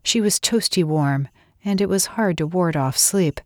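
A woman narrating a romance audiobook in a steady, intimate reading. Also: on the low side, moderate pace, no room sound, studio quality. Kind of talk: scripted narration.

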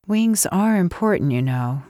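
Woman doing a drowsy female pilot, wry, murmuring, raised pitch, storybook. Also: lively intonation, unhurried, dark tone, dry recording, studio quality.

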